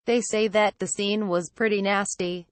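A middle-aged man chats with his partner about crime, as a woman reads his lines. The voice stays plain and conversational, set at an ordinary middle pitch. The sound is dry, with no room around it. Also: steady tone, moderate pace, dry recording, natural voice. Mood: gossiping.

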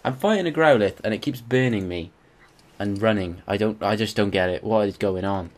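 A young man with a British accent, co-hosting a casual gameplay chat and bursting into excited shouts and laughter. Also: on the low side, a little fast. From Britain. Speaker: gaming channel co-host.

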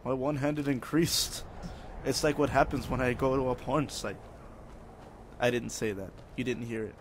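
A young man talks his way through a video game in a loose, rambling commentary, cracking jokes and muttering to himself. His voice sits at an ordinary pitch, with a faint hiss behind it. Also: steady tone, moderate pace. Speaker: let's play gamer. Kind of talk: casual gameplay commentary.

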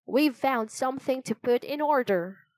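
A woman's voice: sits high, unhurried, dry recording, voice pushed up. A woman voicing a cheerful boy with old-fashioned, eager phrasing in a storybook reading. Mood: lively.

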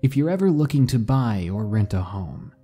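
A man reading true ghost stories aloud as a podcast narrator, in a measured storytelling manner with dramatic pauses. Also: medium pitch, very animated, warm tone, breathy edge. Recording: faint music behind the voice.

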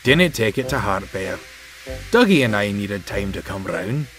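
Donald is a plain-spoken Scottish engine, steady and kind, as a male storyteller voices him. He reassures in a brisk, friendly way over soft background music. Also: fairly low pitch. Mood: reassuring.

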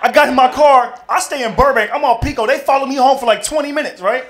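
A man from Texas doing a stand-up comedy set, telling stories animatedly and acting out loud voices. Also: extremely high pitch, quick pace, slight background noise. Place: comedy club stage with live audience.

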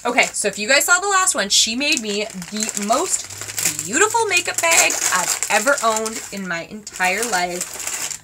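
A woman in her twenties chatting casually to her viewers as she unboxes gifts, gushing and excitable with lots of fillers. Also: on the high side, a little slow, noisy background. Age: 20s. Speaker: vlogger.

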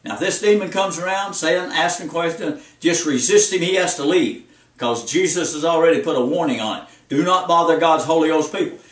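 An old preacher in his seventies delivers a folksy sermon, repeating his points and urging listeners on. His voice sits high for a man. It rings in an echoey room and he stands some distance from the microphone. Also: a little fast, a bit bright. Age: 70s. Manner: folksy, repetitive, exhorting.

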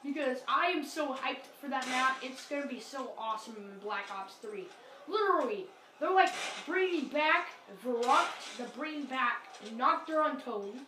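A woman giving casual commentary over a zombie video game. She talks excitably, often exclaiming and apologizing to her viewers. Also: high voice. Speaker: gameplay commentator. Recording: roomy, distant mic, noisy game audio.

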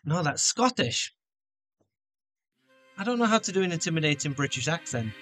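A man's voice: a little high, very animated, brisk, long pauses, fairly bright tone, faint music behind. A man hosting a gaming video, joking and playful as he comments on his play. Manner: joking, playful, with silly voices and outbursts.

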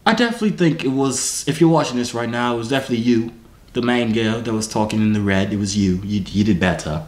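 A man's voice: medium pitch, fast talker, reverberant, slight background noise. Young man faking a British accent.

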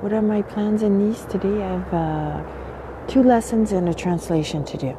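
A woman's voice: medium pitch, moderate pace. French lady on a phone livestream, sleepy morning voice, street and traffic noise behind. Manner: greets viewers warmly, switching between French and English. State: voice still sleepy in the early morning. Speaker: livestream host. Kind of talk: casual live-stream chat. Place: outdoors on a windy seaside morning.

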